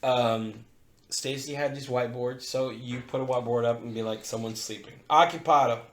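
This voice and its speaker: A man's voice: medium pitch, fairly even intonation, normal speed. A man co-hosting a podcast, telling a long, profane story in casual chat. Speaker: podcast co-host. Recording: roomy echo.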